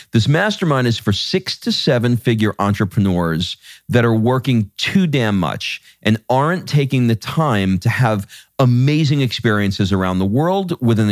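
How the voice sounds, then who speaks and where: A man's voice: mid-range voice, dry recording, clean studio sound. A man hosting a podcast, chatting casually with his wife in a brash, joking, salesy way. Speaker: podcast host.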